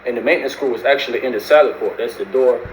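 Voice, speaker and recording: A man's voice: medium pitch, very fast. A man casually telling a long prison story in slangy speech, acting out the voices of the people he quotes. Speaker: storyteller recounting prison life. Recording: roomy with faint background noise.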